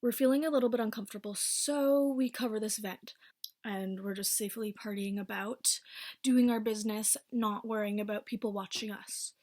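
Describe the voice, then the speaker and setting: A woman in her twenties telling a casual storytime, blunt and swearing freely, with quick bursts between slower stretches. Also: medium pitch, steady tone, darkish tone. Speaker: vlogger.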